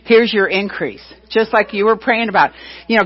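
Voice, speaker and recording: A woman's voice: medium pitch, moderate pace. A middle-aged woman who leads a church gives casual announcements, a chatty storyteller who fills her talk with "you know" and retold dialogue. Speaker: church leader. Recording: dull, muffled lo-fi recording.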